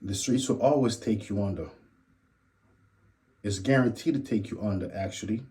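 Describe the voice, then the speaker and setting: Hosting a reaction commentary, this man lectures about street life in a repetitive, preachy way, often saying "believe it or not." His voice is fairly low and dark, delivered at normal speed.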